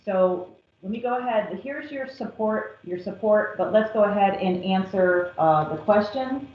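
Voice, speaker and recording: A woman math teacher working through a calculus problem step by step, patient and methodical. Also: mid-range voice. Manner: slow, patient, step-by-step explaining. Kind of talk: recorded calculus lesson. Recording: echoey, dull lo-fi classroom recording.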